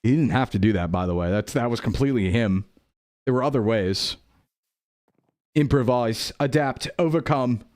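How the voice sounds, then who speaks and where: A man's voice: fairly low pitch, a little fast, darkish tone. A young man rambling through casual gameplay commentary, jokey and self-mocking. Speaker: streamer.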